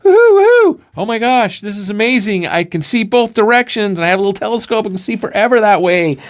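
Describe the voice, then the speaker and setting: A tiny, giddy little creature who lives along a single line, squealing in amazement in a voice pitched far up. His pitch leaps and swoops wildly with excitement. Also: quick pace. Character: tiny giddy male one-dimensional being.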